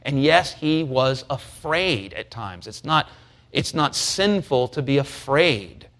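A man preaching a sermon, shifting between hushed, slow passages and rising, fervent stretches. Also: medium pitch, sing-song.

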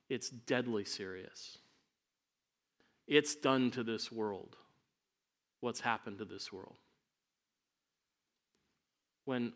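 A man preaching a sermon from the pulpit at a medium pitch. He moves between calm, low reflective stretches and loud, emphatic climaxes. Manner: preaching with rising emphatic peaks. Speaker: pastor.

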